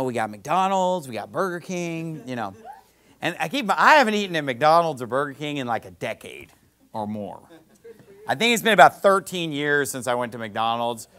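A man from the United States, a preacher, telling a travel story in an animated way and acting out the people he quotes. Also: fairly high pitch. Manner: animated, quotes others in lively voices. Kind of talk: storytelling sermon.

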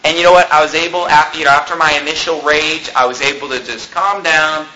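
A man's voice: on the high side, steady tone, fairly quick, bright, forceful tone, slight background noise, low-quality recording. A man preaching a sermon as pastor, venting with rising indignation and mixing scripture with personal stories.

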